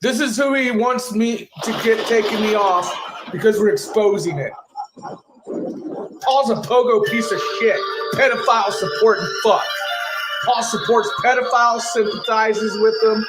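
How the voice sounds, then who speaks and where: A man's voice: high voice, measured pace, over music. A man hosting his channel, ranting angrily and profanely at a rival. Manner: angry, profane, accusatory. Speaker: channel host. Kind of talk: ranting commentary. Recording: echoey room with faint noise.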